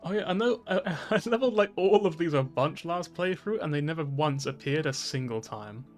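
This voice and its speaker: A man thinking aloud on a game stream, rambling through his choices with giggles and constant self-corrections. His voice sits a little high. Faint game music plays underneath. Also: lively intonation, a little fast.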